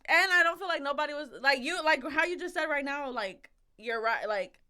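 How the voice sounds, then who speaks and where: Young woman podcast cohost, high bright voice, animated storytelling, swears a lot. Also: fairly quick. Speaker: podcast co-host. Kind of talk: casual chat.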